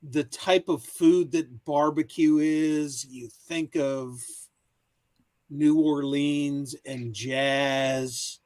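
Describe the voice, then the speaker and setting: Brief: unhurried man in group chat, slightly higher voice, dry close sound. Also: steady tone, darkish tone, dry recording. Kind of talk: casual live-stream chat.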